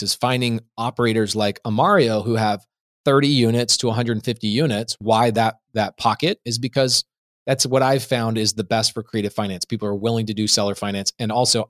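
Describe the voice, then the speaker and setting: A man on a podcast as the guest, telling a business story in an emphatic, quick way and acting out what people said. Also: lowish voice, a bit bright, dry recording, clean studio sound. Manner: emphatic, fast, acts out quotes. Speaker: podcast guest, real estate investor. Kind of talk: animated interview storytelling.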